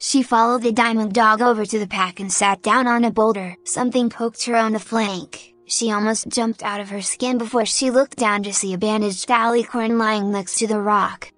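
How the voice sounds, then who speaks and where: A woman reading a fan fiction story aloud, narrating with steady storytelling. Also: on the high side, moderate pace, few pauses, no room sound, faint music behind. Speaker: audiobook narrator.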